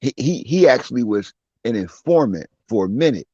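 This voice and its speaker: Husky man with a lively voice. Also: medium pitch, normal speed, no room sound. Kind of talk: casual chat. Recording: dry, dull lo-fi audio.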